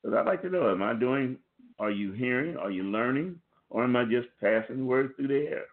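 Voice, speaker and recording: A man's voice: medium pitch, expressive, normal speed. A man preaching a sermon to listeners on a conference call, warning them in an earnest, repetitive way and restarting phrases as he goes. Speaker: pastor. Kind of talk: sermon over a phone line. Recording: tinny phone line.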